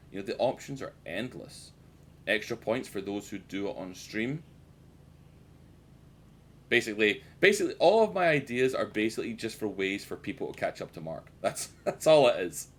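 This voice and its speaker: A British man with a lowish voice rambles through casual gameplay commentary, tossing out jokes and swearing freely at his viewers. A faint rumble sits under his desk mic. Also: expressive, normal speed. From United Kingdom. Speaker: streamer.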